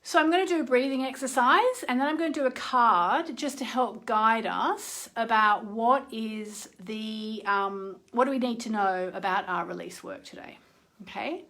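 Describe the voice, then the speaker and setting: A woman's voice: on the high side, moderate pace, fairly bright tone. A middle-aged woman astrologer hosting a live session from her phone, talking in a chatty way and often checking in with "okay?". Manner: chatty, keeps asking "okay?". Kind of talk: live-streamed talk and guided meditation.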